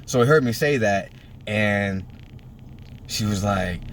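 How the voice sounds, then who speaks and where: This man, in his thirties and from Puerto Rico, has a lowish voice and takes his time, with a little noise behind him. His casual story is packed with profanity. He acts out the characters animatedly, lifting his voice for their quotes.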